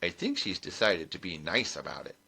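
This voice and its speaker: A man's voice: deep voice, big pitch swings, brisk, gravelly, sharp tone, husky, exaggerated voice. A man voicing a jolly, gossipy old village witch who chats in a folksy, exclamatory way. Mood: chatty.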